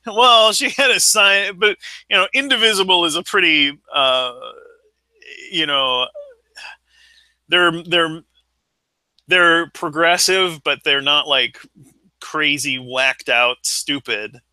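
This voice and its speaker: A man's voice: a little high, slow, long pauses, bright, forceful tone, dry recording, poor audio. A man in casual podcast chat, telling a rambling story with many halts and restarts.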